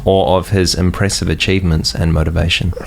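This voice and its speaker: Hesitant low-voiced male podcast producer. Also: level tone, a little fast, vocal fry, slight background noise. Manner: hesitant, lots of ums. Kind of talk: casual chat.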